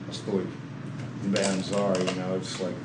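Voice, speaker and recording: A man's voice: low-pitched, completely flat delivery, unhurried, heavy background noise. A man, a former band member, telling rambling, profane stories in a casual interview. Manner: rambling, profane, laughs through anecdotes.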